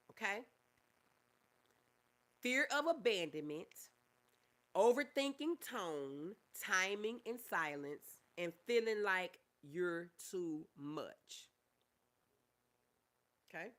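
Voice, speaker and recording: Woman host, bright and animated, affectionate, reads chat aloud. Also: mid-range voice. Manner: affectionate, calls viewers baby, reads comments aloud. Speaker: livestream host, mental health therapist. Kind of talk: casual livestream chat reading comments.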